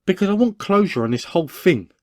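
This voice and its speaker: Man doing a blustering young cartoon pushover, raised pitch, lively intonation. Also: quick pace, dry recording, studio quality. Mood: stubborn. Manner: defensive, blustering. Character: stubborn, easily pushed-around young man. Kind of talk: cartoon voice acting.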